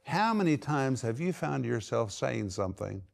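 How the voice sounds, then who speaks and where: A middle-aged man preaching a sermon with emphasis, slowing right down to stress key words. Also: mid-range voice, very animated, gravelly.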